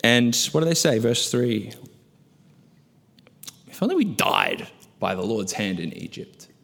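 A man's voice: lowish voice, sing-song, unhurried, creaky. Man preaching a sermon in a reverberant hall. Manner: emphatic preaching, rhetorical questions, swings between loud stress and hushed asides. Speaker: pastor. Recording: long reverb of a large hall.

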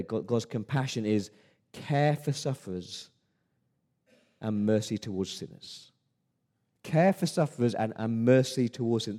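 Earnest pastor preaching. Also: male voice, medium pitch, warm tone. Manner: earnest, emphatic preaching with repeated restarts. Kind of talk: sermon.

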